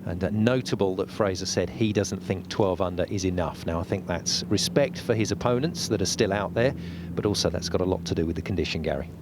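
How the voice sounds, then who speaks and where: A man doing measured, conversational play-by-play as a golf commentator on a broadcast. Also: low voice, noisy background. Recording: music bed under the commentary.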